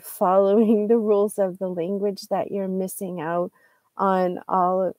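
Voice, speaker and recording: A woman teaching English in a live lesson, pausing to search for words and correct herself, with light laughs. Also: mid-range voice, dark tone, no echo.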